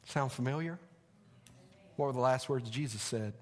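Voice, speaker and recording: A male pastor, preaching a sermon in a church with animated, conversational asides. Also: medium pitch, normal speed. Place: church sanctuary. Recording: long hall reverb.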